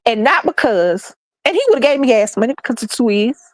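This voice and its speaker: A woman's voice: on the high side, lively intonation, fast talker, no echo. A middle-aged woman, ranting bluntly and heatedly with lots of profanity and repetition for emphasis. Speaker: streamer sharing opinions. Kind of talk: passionate ranting monologue.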